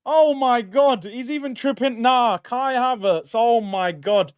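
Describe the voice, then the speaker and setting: A young man hosting a live football watchalong, chatting in slang and getting loud at big moments. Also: very high voice, measured pace, hardly any pauses, clean tone, dry recording, dull audio. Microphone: streaming mic.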